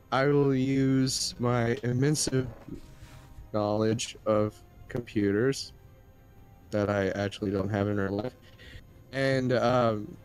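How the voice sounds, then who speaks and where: A man with an average-pitched voice describes his character's actions in a tabletop game. He is playful and often hesitates while thinking aloud, with faint music playing behind. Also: a little mellow, smooth. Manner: playful, hesitant, stumbling over ideas. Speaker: player. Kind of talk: tabletop role-play chat.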